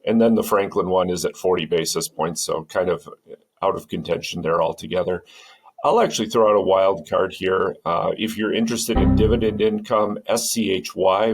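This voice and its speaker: Deep gravelly husky man analyst. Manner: relaxed, conversational with some uh fillers. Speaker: guest judge analyzing funds. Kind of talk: casual panel discussion.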